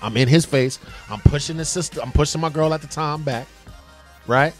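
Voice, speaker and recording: A man's voice: a little high, normal speed, soft background music. A man in his forties co-hosting a casual talk radio show, speaking in an impassioned, emphatic way. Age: 40s. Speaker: co-host.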